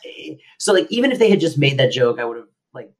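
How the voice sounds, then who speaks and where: A woman co-hosting a podcast in casual chat, rambling with lots of fillers and trailing off into soft mutters. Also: rumbling low, sing-song, fast. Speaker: podcast co-host.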